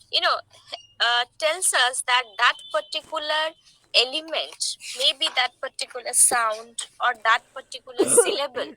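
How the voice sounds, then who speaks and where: A woman's voice: high-pitched, pushed and bright, no room sound, rough recording. A woman teacher, giving an online lecture with an explanatory manner, often asking the class questions and coughing.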